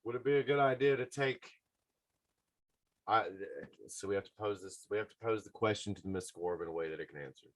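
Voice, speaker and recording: A man hosting a podcast, giving sports betting picks in an excitable, casual way and talking straight to his listeners. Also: lowish voice, quick pace, long pauses, dry recording. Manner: excitable, talks to listeners directly. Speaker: podcast host.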